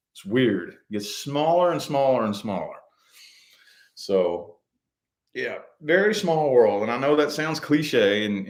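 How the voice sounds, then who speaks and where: A man talks loosely and at length to his viewers, circling back to repeat himself. He fills his talk with "you know" and the odd curse. His voice sits at an ordinary middle pitch. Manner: rambling, loose and profane, with many "you know" fillers. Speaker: host answering viewer comments. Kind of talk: casual livestream chat.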